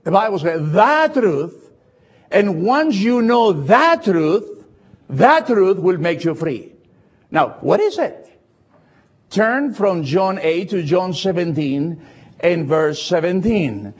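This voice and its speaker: An older man delivers a sermon in slightly higher-than-usual, husky tones. He speaks slowly and deliberately in non-native English, drawing out scripture for emphasis. The recording is dull and lo-fi. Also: very animated. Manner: deliberate, slows to stress scripture. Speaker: preacher.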